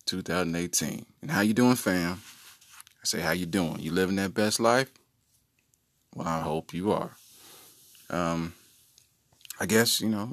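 A man's voice: fairly low pitch, no room sound, clean studio sound. A man hosting his own podcast, telling joking stories in a playful, casual way. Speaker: podcast host. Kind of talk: casual comedic monologue.

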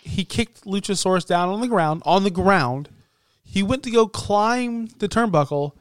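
Excitable man with a smooth voice. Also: high-pitched, unhurried, no echo, studio quality. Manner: excitable, rambling, lots of fillers. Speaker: podcast co-host. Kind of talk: casual wrestling talk.

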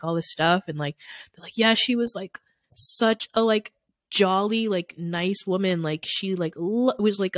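A woman's voice: lowish voice, fairly bright tone, dry recording. Rambling young woman, dry close mic. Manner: rambling, heavy use of "like" fillers; candid and open, sharing personal stories. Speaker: podcast co-host. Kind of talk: casual chat.

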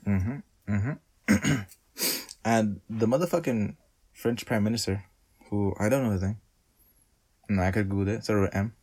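A man's voice: fairly low pitch, a little slow, pauses often, darkish tone, husky. A man co-hosting a casual chat, loose and profane, joking around.

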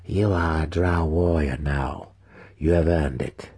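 An imperious dark elf matriarch, read by a man speaks with cold, measured control. The voice is deep, dark and husky. A storybook queen who threatens without raising her voice. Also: fairly even intonation, heavily acted. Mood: controlled.

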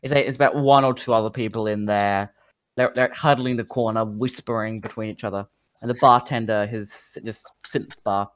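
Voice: mid-range voice, fairly even intonation, brisk. Laid-back game master on a call. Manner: casual, laughs easily, restarts sentences. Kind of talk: narrating a tabletop game.

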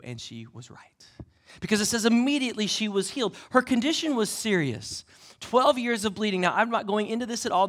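A man preaching a sermon in a church, swinging between loud emphasis and hushed asides. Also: sits high. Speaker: pastor.

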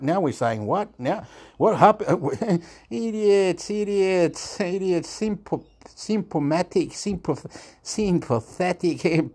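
Rambling man, laughing often. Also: mid-range voice. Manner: rambling, laughs often, swears, jumps between topics. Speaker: vlogger. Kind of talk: rambling casual monologue.

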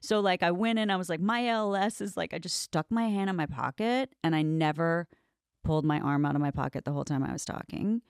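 A woman's voice: lowish voice, quick pace, dry recording, clean studio sound. A woman hosting a casual interview, telling candid stories bluntly and swearing freely.

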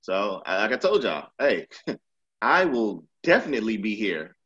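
A man's voice: on the low side, very animated, measured pace, fairly bright tone, muffled recording. A man co-hosting a casual podcast, blunt and profane, mocking and laughing as he talks. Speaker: podcast co-host. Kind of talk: casual chat.

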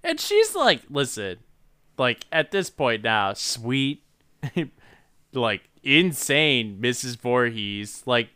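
A man's voice: medium pitch, bright, forceful tone, smooth, no echo, clean studio sound. A man co-hosting a casual comedy podcast who rambles loosely and laughs often. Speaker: podcast co-host.

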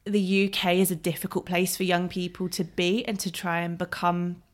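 A young woman in her twenties chatting casually, animated and laughing often as she tells travel stories. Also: fairly low pitch, moderate pace. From England. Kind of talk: casual chat.

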